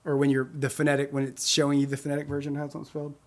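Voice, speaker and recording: A man's voice: fairly high pitch, completely flat delivery, rapid-fire. A man in his forties, a musician hosting a live stream, chatting casually and rambling as he reads out viewer comments. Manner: chatty, rambling, self-correcting.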